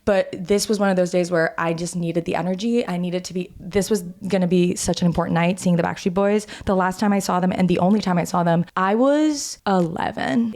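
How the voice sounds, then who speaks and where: A woman in her thirties hosting her own podcast, telling a story in an animated, chatty way and talking straight to her listeners, recorded at home in a bathtub. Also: lowish voice. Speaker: podcast host. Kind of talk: casual solo storytelling.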